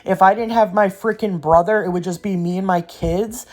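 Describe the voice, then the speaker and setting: A woman's voice: mid-range voice, steady tone, moderate pace, a little mellow. A young woman talking casually over her nail art video, rambling and ranting as she tells a story to her viewers. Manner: rambling, ranting storyteller who says "y'all" and "yo". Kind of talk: casual chatty voiceover.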